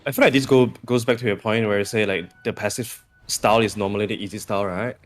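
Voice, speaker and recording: A man's voice: fairly low pitch, steady tone, fast. A man commentating in casual panel chat, reflective and a little tentative. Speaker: esports commentator.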